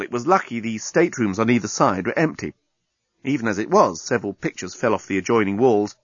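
Wry, expressive male audiobook narrator. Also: mid-range voice, husky, no room sound, muffled recording.

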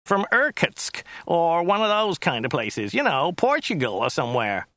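A man voicing a gruff, grumbling American male cab driver who whines with contempt. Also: fairly high pitch, very animated, normal speed, fairly bright tone, dry recording, studio quality, voice pushed up. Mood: disgusted. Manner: whiny, contemptuous, matter-of-fact. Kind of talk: audiobook character voice.

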